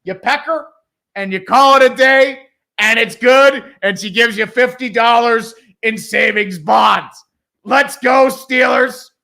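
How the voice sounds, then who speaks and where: A man's voice: very high voice, slow, vocal fry. A man streaming a live football game, calling plays as a fan, swearing, laughing and reading chat. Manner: excitable, swears, laughs, shouts at big plays. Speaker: streamer doing live play-by-play.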